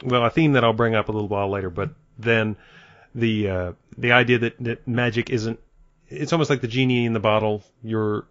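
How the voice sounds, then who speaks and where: A man's voice: lowish voice, steady tone, brisk, fairly bright tone, no echo. Thoughtful man with a muffled sound. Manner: thoughtful, hesitant with many fillers. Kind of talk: casual book discussion.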